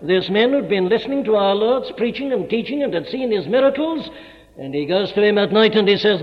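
Emphatic preacher in an echoing hall. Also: male voice, high-pitched, expressive, a little fast. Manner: emphatic, rhetorical repetition. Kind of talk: sermon. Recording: dull echoey hall recording.

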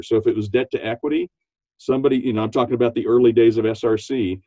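Animated man with a mellow, lo-fi sound. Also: dry recording. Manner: animated, laughs often, acts out quotes in a high voice. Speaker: podcast guest, business coach. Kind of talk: enthusiastic interview talk.

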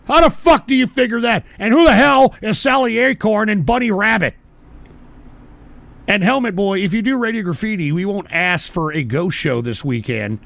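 A man hosts a live call-in stream with a high-set voice that grinds with heavy fry. He rants belligerently and profanely at his chat, often bursting into shouts. He talks into a desk microphone. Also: no room sound. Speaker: call-in show host.

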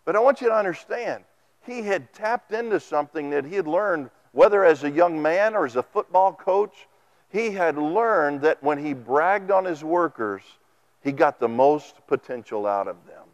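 A man delivering a sermon in a church, speaking into a microphone. His voice sits high for a man and moves animatedly. The delivery is folksy, full of stories and acted-out quotes. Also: lively intonation, moderate pace, highs cut off. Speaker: preacher. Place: church sanctuary.

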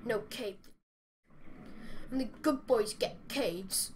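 A woman's voice: high voice, lively intonation, measured pace, bright, forceful tone, a little hiss or hum. A woman commenting as she plays a game, chatty and exasperated, talking to the creatures on screen. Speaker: gamer. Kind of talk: playing commentary.

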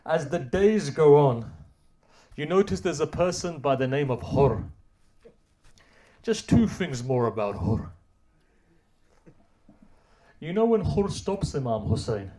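A man's voice: on the high side, expressive, unhurried, mellow, slight background noise. A man delivering a Muharram sermon, retelling a story with rising and falling emotional intensity. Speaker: religious speaker.

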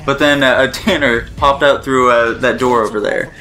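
A man's voice: medium pitch, steady tone, moderate pace, sharp tone. A young man chatting over a game, spinning long playful hypotheticals and laughing into his lines. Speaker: let's play commentator. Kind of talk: casual gaming commentary.

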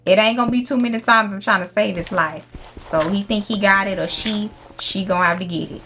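A woman's voice: medium pitch, brisk, a bit bright, faint music behind. A young woman giving casual gameplay commentary, brash and profane, scolding the animals in her game. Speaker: gaming YouTuber.

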